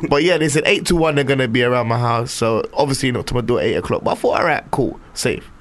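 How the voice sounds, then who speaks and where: A man, telling animated, slangy stories in a casual chat. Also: medium pitch, fast talker. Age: 20s. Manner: animated, slangy, acts out voices in anecdotes.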